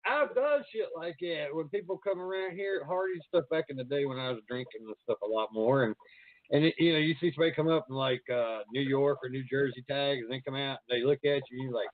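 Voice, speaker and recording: A man's voice: mid-range voice, fast talker, no echo. A man from Virginia with a Southern Appalachian accent, chatting casually as a podcast host, laughing often and swearing freely. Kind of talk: casual chat. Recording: tinny phone-like line, dry.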